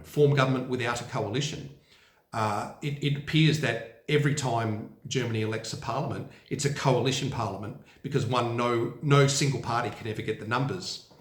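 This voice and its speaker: An Australian man talks casually to his viewers from a room with a noticeable echo. He thinks aloud, stops to correct himself and keeps asking his audience for answers. His pitch sits in an ordinary middle range for a man. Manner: musing, self-correcting, often asks viewers questions. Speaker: vlogger. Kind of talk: casual unscripted vlog talk. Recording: roomy echoey room.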